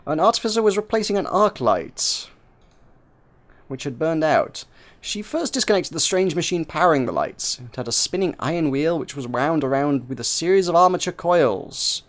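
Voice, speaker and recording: A man's voice: a little high, expressive, normal speed. A man reading a narrative game aloud for viewers, narrating with frequent slips and restarts.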